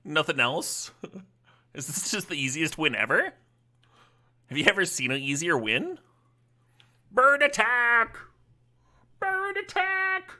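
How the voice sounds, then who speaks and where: A man's voice: a little high, very animated, measured pace, pauses often, sharp tone. A male streamer giving casual, playful live commentary on a card game, laughing often and chatting with his viewers.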